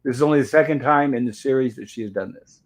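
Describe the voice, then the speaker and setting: A man in his home talks through an old sitcom episode in a relaxed, meandering way. His voice sits at an ordinary middle pitch. He chuckles often and strings thoughts together with "and of course" as he goes. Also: fast. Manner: rambling, chuckling, leans on "and of course". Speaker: host recapping a TV episode. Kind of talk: casual episode review chat.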